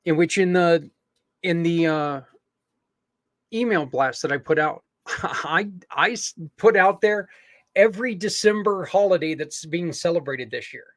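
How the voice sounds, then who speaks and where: He's an earnest podcast host with a fairly high voice, pleading with listeners while straying into side comments and fillers at a slightly slow pace. Everything sounds close and dry, with no echo and no room ambience.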